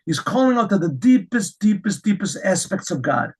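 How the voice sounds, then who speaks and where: A middle-aged man teaching a Torah lesson as a rabbi, telling stories with lively restarts and repeated words. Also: high voice, moderate pace, slightly rough, poor audio. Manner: animated storytelling with frequent restarts.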